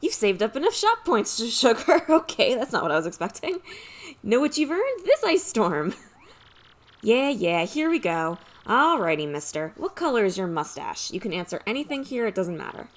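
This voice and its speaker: A woman's voice: a little high, big pitch swings, normal speed. Chatty young woman commenting on gameplay. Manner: chatty, laughs often. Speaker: let's play host.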